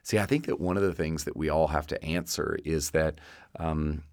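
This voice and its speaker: A man preaching a sermon in an earnest, conversational way, often pausing with "uh" and restarting his phrases. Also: extremely low pitch, fairly even intonation, no echo, clean studio sound. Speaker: pastor.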